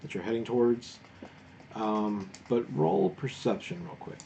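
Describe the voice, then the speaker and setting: A man's voice: on the low side, a little slow, gravelly, background noise. A man running a tabletop game as game master, recapping and narrating in a laid-back way.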